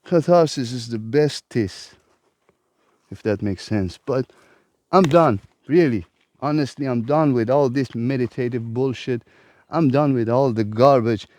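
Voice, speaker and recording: A man's voice: medium pitch, measured pace, a little mellow, a little hiss or hum. A man who hosts a self-help vlog, delivering a profane, exasperated ranting monologue. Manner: profane, emphatic, exasperated rant.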